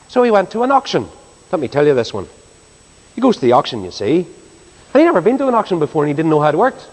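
Male preacher, high and animated, storytelling sermon, echo of a large hall. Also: quick pace. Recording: reverberant hall.

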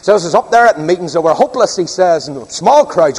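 Older preacher, emphatic sermon delivery, voice soaring high in a reverberant hall. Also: male voice, very animated, brisk, a little mellow, breathy edge. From Northern Ireland. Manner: emphatic, rhetorical questions, sweeping pitch.

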